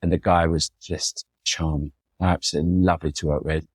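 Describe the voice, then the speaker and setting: A man's voice: rumbling low, flat delivery, brisk, breathy edge, no room sound, clean studio sound. A middle-aged man telling enthusiastic, chatty stories as a podcast guest, slipping into acted quotes. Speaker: photographer guest. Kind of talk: storytelling conversation.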